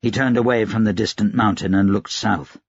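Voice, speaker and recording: Brief: male audiobook narrator, husky gravelly low voice, measured read, dry dull recording. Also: steady tone, dry recording. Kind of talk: scripted narration.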